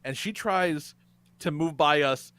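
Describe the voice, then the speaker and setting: A male podcast host telling a story in casual chat, animated, often laughing and swearing. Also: fairly high pitch, slow pace, clean tone, no room sound.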